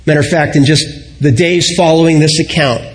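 A middle-aged male pastor delivering a sermon in a high-pitched voice. He tells his stories reflectively, easing down and going quieter when he lands his main points. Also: steady tone. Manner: reflective storytelling, slowing and softening on key points.

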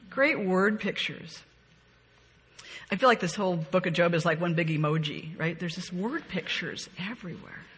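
A woman's voice: on the low side, lively intonation, moderate pace, fairly bright tone, breathy edge, long reverb tail. A woman leading a conversational Bible study, reading scripture aloud with expression and then musing on it in a chatty, reflective way. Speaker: Bible teacher.

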